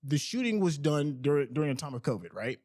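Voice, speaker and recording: Interview host guy, kinda high voice, stumbles and restarts a lot while asking stuff. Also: very animated, fast, darkish tone. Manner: hesitant, restarts often, thoughtful. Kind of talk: casual interview questions.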